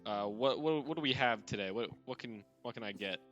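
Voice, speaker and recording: A man's voice: mid-range voice, brisk, a bit bright, muffled recording, soft background music. A man playing a tabletop role-playing game, speaking in a stammering, jokey way. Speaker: player. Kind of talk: casual tabletop play.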